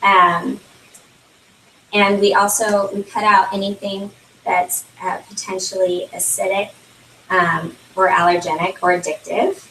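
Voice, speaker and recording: A woman's voice: mid-range voice, little pitch movement, unhurried, fairly bright tone, a little hiss or hum. A young woman giving a casual product talk at a home party, chatty and full of fillers. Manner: chatty, many fillers, laughs often. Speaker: consultant presenting at a launch party. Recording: roomy, distant camera audio.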